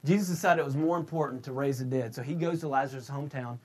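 A man preaching a sermon, shouting his emphatic points and then slipping into a loose, conversational retelling full of restarts. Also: medium pitch, quick pace. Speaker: pastor.

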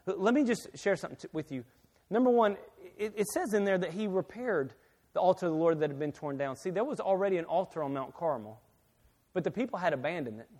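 A high-voiced man preaches a sermon in a church, dropping to quiet asides and then rising to loud, emphatic readings. He often stumbles and repeats his words. His voice rings with a long hall reverb. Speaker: pastor. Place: church sanctuary.

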